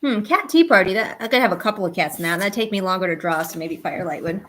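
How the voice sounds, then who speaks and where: Medium in pitch with lively intonation, she talks quickly and barely pauses. She's an art streamer sketching at home, casually chatting with viewers and addressing her cats as well as the chat.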